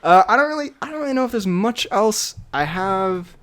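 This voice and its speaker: Young male podcast co-host, casual and rambling, a bit high-pitched. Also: animated, fairly bright tone. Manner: rambling, filler-heavy, quick to laugh. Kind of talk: casual chat.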